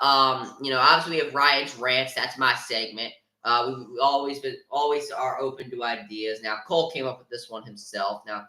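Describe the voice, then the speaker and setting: A man's voice: medium pitch, sharp tone. A young man hosting a casual sports podcast, giving strong opinions with lots of ums and restarts. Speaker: podcast host. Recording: roomy echo.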